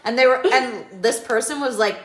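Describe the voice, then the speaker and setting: A woman's voice: on the high side, moderate pace, reverberant, a crowd in the background. A young woman co-hosting a casual podcast at home, swearing freely and acting out conversations as she tells them. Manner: animated, swears freely, acts out quoted talk. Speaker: podcast co-host. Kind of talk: casual chat. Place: home room.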